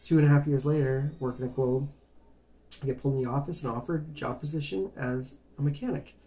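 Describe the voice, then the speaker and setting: Speaking quickly in a mellow, mid-range voice, this man shares his personal history on camera. He rambles, repeats and restarts phrases, and says sorry for drifting off topic.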